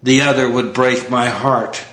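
A man's voice: mid-range voice, steady tone, measured pace, fairly bright tone, reverberant, natural voice, rough recording. A man voicing a dying, starving old woman within a recited poem, in a pleading manner.

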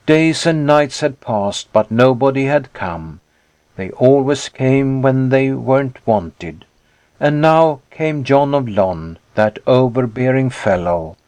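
A man reads a rural tale as an audiobook narrator. His delivery is measured and plain, taken at a slow pace. The recording is close and dry, with no room sound. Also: medium pitch, expressive, darkish tone, dry recording.

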